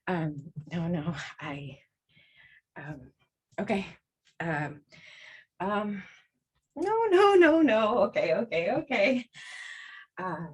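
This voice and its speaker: A woman's voice: fairly low pitch, slightly rough, heavily acted. A woman acting in a student stage play as an emotional, flustered young woman who gushes, laughs and stammers. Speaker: student performer.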